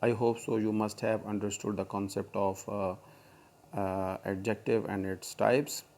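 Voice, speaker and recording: A man teaching a recorded grammar lesson, explaining slowly to students with frequent fillers. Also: on the low side, little pitch movement, a little mellow.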